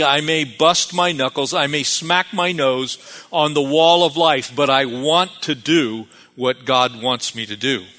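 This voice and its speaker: A man's voice: a little high, pushed and bright. A man preaching a sermon as pastor, calling for amens and repeating phrases for emphasis. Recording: long reverb of a hall.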